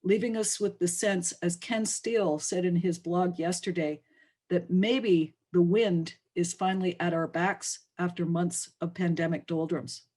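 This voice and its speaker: Measured woman hosting a webinar. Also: fairly low pitch, fairly even intonation, mellow. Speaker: webinar host. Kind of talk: prepared opening remarks.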